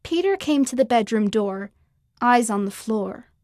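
A woman narrating a children's story in a clear, expressive manner. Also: a little high, a little slow, no room sound, clean studio sound.

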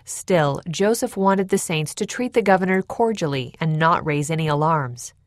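A woman narrating a historical account in a measured, even storytelling style. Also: sits low, dry recording, clean studio sound.

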